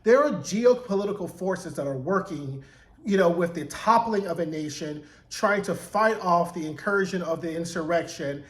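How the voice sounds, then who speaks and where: A man giving a chatty, animated recap of a TV episode, acting out the characters' lines. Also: high-pitched, normal speed. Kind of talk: casual recap commentary. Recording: echoey room.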